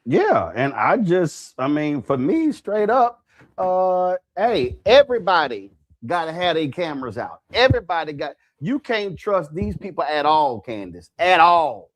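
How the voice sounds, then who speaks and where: Male panelist, higher pitch and animated intonation, blunt and casual delivery. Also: measured pace. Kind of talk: political commentary on a panel show.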